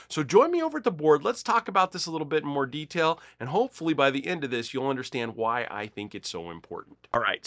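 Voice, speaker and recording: A man hosts a guitar gear lesson, talking casually and acting out quoted dialogue with big leaps in pitch. His voice sits at an ordinary middle pitch. The sound is dry and close, with no room echo. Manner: animated storyteller, acts out quoted dialogue with big pitch jumps. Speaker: music store host demonstrating guitar gear. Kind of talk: casual storytelling and gear demo.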